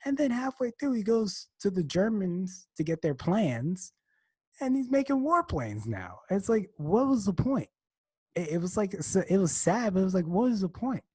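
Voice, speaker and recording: Young guy podcast host rambling about a movie, dry close sound, husky. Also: sits high, normal speed, dry recording. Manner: rambling, restarts often, animated retelling. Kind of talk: casual chat.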